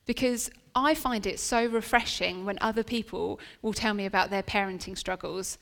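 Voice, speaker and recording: A woman's voice: medium pitch, moderate pace, creaky, hardly any pauses, fairly bright tone. A woman preaching a sermon in a church venue, telling a personal story in an earnest, chatty way with frequent restarts. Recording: long reverb of a church hall.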